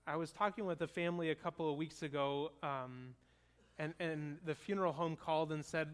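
A man's voice: on the high side, steady tone, a little fast, clean tone. A man in his thirties, a pastor preaching a sermon in an earnest, conversational storytelling way. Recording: long hall reverb.

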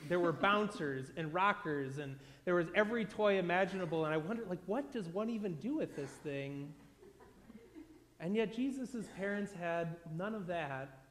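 A pastor from the United States preaching a sermon in a high voice, telling stories in a loose, conversational way and often restarting his sentences. A long reverb from a big hall trails every phrase. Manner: conversational storytelling with repeated restarts.

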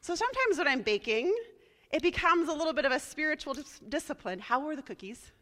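A woman pastor giving a chatty, casual sermon, spelling some words out slowly. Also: high-pitched, very animated, fairly bright tone, long reverb tail.

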